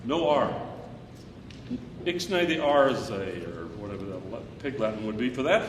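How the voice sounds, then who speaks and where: A man's voice: medium pitch, animated, normal speed, noisy background. A man leading a choir rehearsal, joking and fussing as he sings short phrases to show the singers what he wants. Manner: jokey, fussy, sings short phrases to demonstrate. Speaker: choir director. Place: rehearsal room or hall. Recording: echoey hall, faint choir music.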